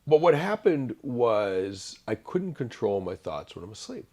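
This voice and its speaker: A middle-aged man speaking as an interview guest, thoughtful and halting, with many fillers and restarts. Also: mid-range voice, big pitch swings, darkish tone. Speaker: author guest. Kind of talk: reflective interview conversation.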